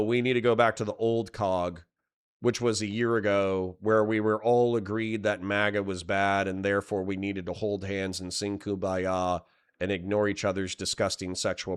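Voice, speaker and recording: A man's voice: fairly low pitch, smooth. A man streaming live, rambling and swearing while he comments and reads chat messages aloud.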